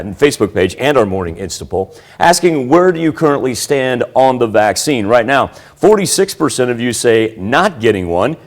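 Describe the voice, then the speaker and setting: A man giving a morning TV weather forecast in an upbeat, conversational manner. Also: mid-range voice.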